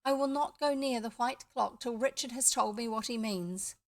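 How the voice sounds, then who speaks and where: A woman voicing a young boy speaking with grim, quiet determination. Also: fairly high pitch, moderate pace, no echo, natural voice. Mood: determined.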